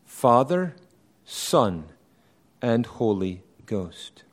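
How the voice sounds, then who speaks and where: A man preaching an evening sermon, explaining doctrine in a measured, emphatic way and often rephrasing his points. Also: mid-range voice, very animated.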